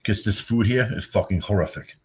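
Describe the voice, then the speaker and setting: There's slight background noise as a middle-aged livestream host with a darkish tone talks briskly. He rambles casually on his stream, joking and telling stories, sometimes jumping into high squeaky moments.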